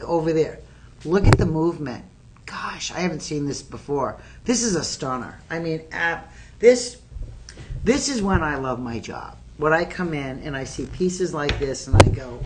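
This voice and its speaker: Low-voiced woman hosting a sales pitch. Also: background noise. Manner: chatty, excitable, addresses viewers directly. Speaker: shopping channel host. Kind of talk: live-stream sales pitch. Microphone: phone.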